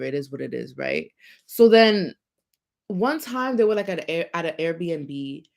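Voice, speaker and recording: Young woman ranting in a profane storytime. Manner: animated, profane, heavy use of filler "like"; swings between loud emphasis and low muttered asides. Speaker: vlogger. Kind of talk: casual storytime rant.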